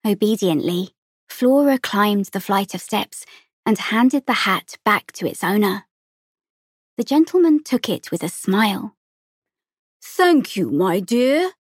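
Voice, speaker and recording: A woman narrates an audiobook in a steady, measured way. Her pitch is middling, and the recording is dry and close. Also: husky, dry recording. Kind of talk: scripted narration.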